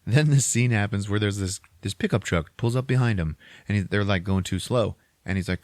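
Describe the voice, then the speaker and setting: A man's voice: lowish voice, moderate pace, dry recording. A man in his forties, a podcast host, recapping a movie in casual, profane, rambling chat full of fillers.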